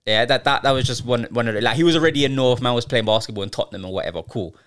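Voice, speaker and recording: A man co-hosting a casual podcast, teasing his friend in a relaxed way and often restarting his sentences. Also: mid-range voice, racing. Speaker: podcast co-host. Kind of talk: casual chat.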